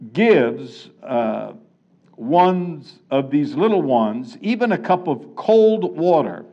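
A man with a fairly high voice preaches a sermon, drawing out key words for emphasis. The recording is dull and lo-fi. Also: a little mellow. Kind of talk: expository sermon.

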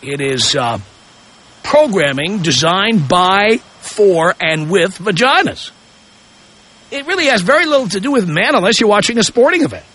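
A brash male talk radio host with a bright, husky edge to his voice. He pitches high and swings his delivery wildly up and down, needling callers with a mocking tone. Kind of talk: opinionated call-in radio talk.

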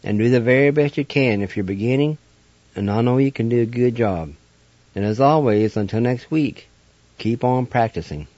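A man's voice: mid-range voice, normal speed, a little mellow, no room sound, lo-fi sound. A man hosting a radio language lesson, patiently spelling words letter by letter and sounding them out. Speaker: language teacher and radio host. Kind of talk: slow spelled-out pronunciation lesson.

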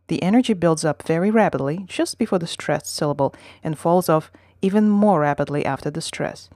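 A woman hosting a language-learning podcast, reading a scripted lesson in a measured, explanatory way and modelling sample words. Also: deep voice, a little mellow, no echo, clean studio sound.

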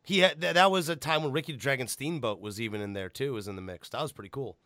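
A man hosting a podcast in casual chat, animated and swearing freely. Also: medium pitch, quick pace, no room sound, clean studio sound. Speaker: podcast host.

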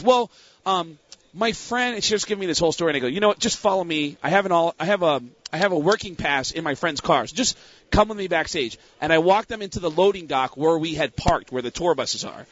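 A man with a high, husky voice tells a rambling story and throws himself into the lines of everyone in it. The sound is dry, with a dull lo-fi quality. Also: no echo. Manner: animated, acts out the other people's lines in quick bursts. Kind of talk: casual storytelling.

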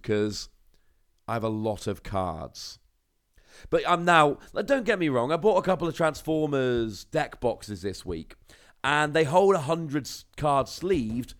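Lively chatty Cornish podcast host. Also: male voice, mid-range voice. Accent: British English. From Cornwall, England. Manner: chatty, rambling storyteller with asides. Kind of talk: casual solo podcast monologue.

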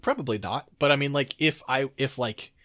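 Speaking at a moderate pace in a mid-range voice, this man co-hosts a podcast. His relaxed conversation wanders through lively anecdotes packed with filler words.

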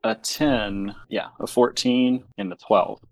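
A man's voice: fairly low pitch, fairly even intonation, takes it slowly. A man playing a tabletop game, calling out his rolls in a plain, matter-of-fact way. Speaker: player.

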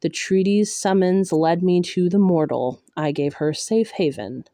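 A woman reading aloud voicing a bitter, masked male fae lord who speaks with a low growl. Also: a little slow, mellow, dry recording, studio quality.

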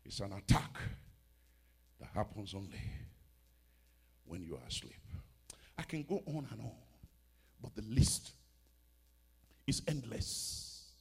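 Husky, animated preacher. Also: male voice, on the low side, slow, pauses often. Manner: dramatic, swings between hushed and loud. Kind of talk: storytelling sermon.

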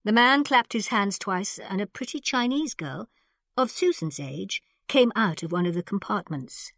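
A woman reading a novel aloud in even, unhurried narration. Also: medium pitch, no echo, clean studio sound. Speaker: audiobook narrator. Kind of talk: scripted narration.

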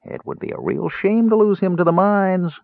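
Audiobook casting: man playing a slick, wheedling prisoner dealer, voice pushed higher, thin phone-like sound. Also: normal speed, no room sound. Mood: persuasive. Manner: smooth, persuasive salesman patter. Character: smooth-talking human man dealing in prisoners. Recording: narrow tinny phone-like audio.

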